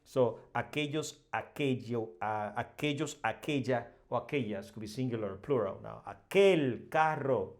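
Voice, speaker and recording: A man's voice: mid-range voice, moderate pace, hardly any pauses. A man teaching a Spanish lesson, explaining each phrase patiently and repeating the examples with rising emphasis. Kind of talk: slow language lesson.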